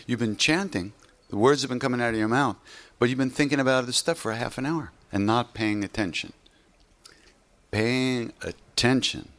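A man's voice: lowish voice, a bit bright. A man teaching meditation in an informal, conversational way, rambling with frequent "you know"s and self-corrections. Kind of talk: informal spiritual talk.

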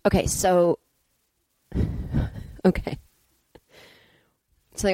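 A woman with a fairly low voice hosts a solo comedic podcast, recorded dry and close. She tells her story with exasperation, switches voices to play both sides of a conversation, and drops blunt, profane asides. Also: takes it slowly, pauses often, mellow, no room sound. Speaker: podcast host. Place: indoors, hotel room.

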